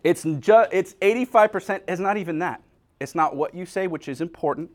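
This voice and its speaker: A man's voice: sits high, a little fast. A middle-aged man preaching a humorous sermon, joking and acting out little scenes. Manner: animated, jokey, acts out little scenes. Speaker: pastor.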